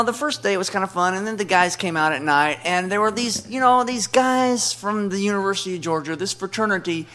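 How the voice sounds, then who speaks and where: Animated man spinning a comic tale. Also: high voice. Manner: animated, playful comic delivery. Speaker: comedian. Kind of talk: stand-up storytelling.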